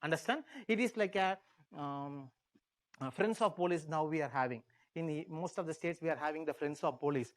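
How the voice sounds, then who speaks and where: A man's voice: a little high, a little fast. A man with an Indian English accent giving an exam-prep history lecture, repeating key words and asking the class questions as he teaches.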